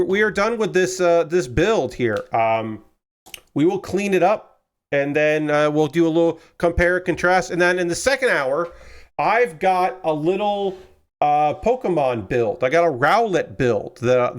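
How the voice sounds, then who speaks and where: A man's voice: on the high side, expressive, a little slow. A man hosting a model kit build stream, chatting casually and tiredly, rambling with lots of fillers and the odd swear word. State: tired and yawning. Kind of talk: casual chat while building.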